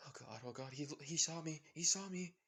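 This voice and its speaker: Guy doing a high loud freaked-out paranoid survivor dude, begging, gravelly edge. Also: quick pace. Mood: panicked. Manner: pleading, terrified. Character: shrill panicked paranoid male survivor.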